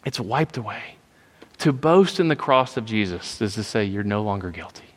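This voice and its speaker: A man's voice: lowish voice, expressive, normal speed, long reverb tail. A man preaching a sermon, emphatic and repetitive, often checking in with "right?".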